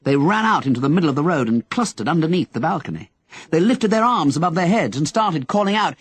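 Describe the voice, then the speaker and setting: Expressive male audiobook narrator. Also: a little high, fast, husky, no echo. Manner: expressive storytelling. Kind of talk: scripted narration.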